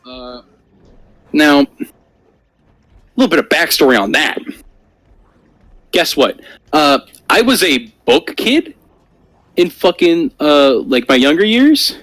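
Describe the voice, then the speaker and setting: A young man tells a childhood story in a casual chat with his friend, swearing freely. His voice is bright and tense, and his pitch jumps all over the place as he gets worked up. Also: takes it slowly, long pauses, no echo. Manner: profane, animated storytelling. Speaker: co-host.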